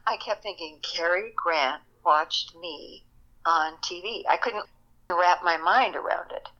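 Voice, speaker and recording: An older woman recalls her career as an interview guest, animated and laughing often. Her voice is fairly low yet bright and pushing forward. The recording sounds a little dull and lo-fi. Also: slow pace. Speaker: actress guest. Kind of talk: interview storytelling.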